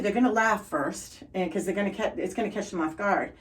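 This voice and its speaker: The poor audio catches a middle-aged woman from Boston, far from the microphone, speaking quickly at a medium pitch. With her Boston accent, she's an upbeat conversation guest telling stories, energetic and relentlessly positive.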